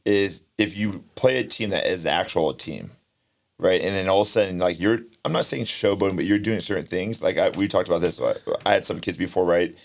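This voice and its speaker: Male coach, low gravelly voice, rambling casual talk. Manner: quick, rambling, with frequent "right?" and "like". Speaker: basketball coach and guest. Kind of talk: casual podcast chat.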